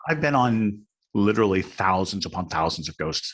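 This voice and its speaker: A man who is a podcast guest, telling a story in a lively, dramatic and self-mocking way. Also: sits low, moderate pace. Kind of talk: animated storytelling in a chat.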